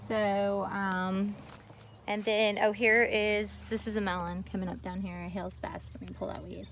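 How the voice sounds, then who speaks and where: A woman's voice: medium pitch, little pitch movement, normal speed, a bit bright, a little hiss or hum. A woman chatting casually as she walks through her garden filming on a phone, rambling a bit and a little out of breath. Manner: chatty, rambling, talks to kids and dog while filming. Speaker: homestead vlogger giving a garden tour. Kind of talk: casual walking garden tour. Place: outdoors in a backyard garden. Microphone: phone camera held while walking.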